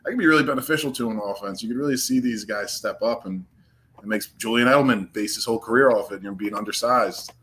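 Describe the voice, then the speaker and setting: Relaxed man in joking football banter. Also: fairly low pitch, quick pace. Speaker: guest co-host. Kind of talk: casual football chat.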